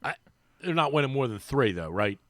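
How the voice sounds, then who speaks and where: A man chatting casually as a guest in a radio studio, telling animated stories with frequent restarts. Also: mid-range voice, brisk, dry recording. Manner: animated storyteller, mimics voices, lots of restarts. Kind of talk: casual sports radio chat. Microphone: studio microphone.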